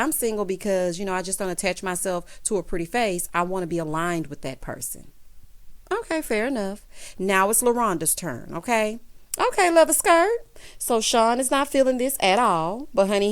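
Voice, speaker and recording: Sassy woman recapping reality TV. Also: mid-range voice. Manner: sassy, calls viewers honey and baby; acts out quoted lines in changed voices. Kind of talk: casual reality show recap.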